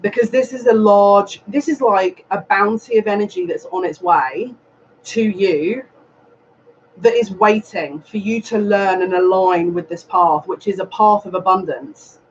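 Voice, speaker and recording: A man's voice: sits high, a little slow. A man giving a live tarot reading, earnest and repetitive, speaking straight to the viewer. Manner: earnest, repetitive, advising directly. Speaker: psychic reader. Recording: dull lo-fi sound with faint noise.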